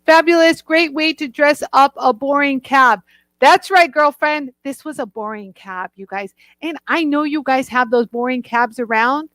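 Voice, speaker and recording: A woman's voice: high voice, normal speed, few pauses, fairly bright tone, dry recording. A woman from the northern United States hosting a live jewelry tool stream, chatting with viewers in a bubbly, gushing way.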